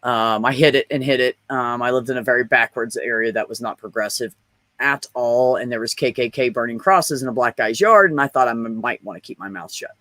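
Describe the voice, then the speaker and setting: Trans man, mid pitch, plain-spoken storyteller, swears freely, dry close recording. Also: brisk, sharp tone, no room sound. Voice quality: blunt and profane, storytelling. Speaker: podcast guest. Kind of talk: casual chat.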